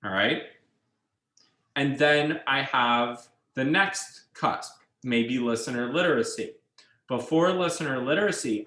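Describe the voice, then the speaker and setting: A male instructor lectures at a slow, deliberate pace, laying out each idea in careful steps. He checks in with his students as he goes. His voice carries a roomy echo from the classroom. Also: medium pitch, bright, forceful tone. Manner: measured, explains step by step, checks in with students. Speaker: university instructor.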